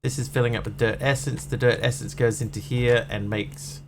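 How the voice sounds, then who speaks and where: A man's voice: mid-range voice, steady tone, normal speed, background noise. A man chatting casually and rambling on a live stream while he plays a game, joking at his own expense. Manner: chatty, rambling, self-mocking.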